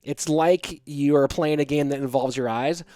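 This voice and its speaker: A man's voice: on the high side, moderate pace, warm tone, no echo. A man hosting a game tournament on a live stream, chatting casually and joking while reading the chat aloud. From United States. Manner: chatty, joking, rambling asides. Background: faint music.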